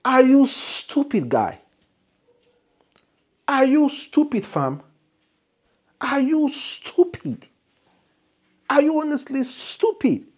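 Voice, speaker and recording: A man puts on a male heavenly voice that scolds with a Nigerian accent. It is pitched well above everyday speech and delivered loudly, with slow, drawn-out taunts and a lively rise and fall. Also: heavily acted. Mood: mocking. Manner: repeats taunts slowly and loudly.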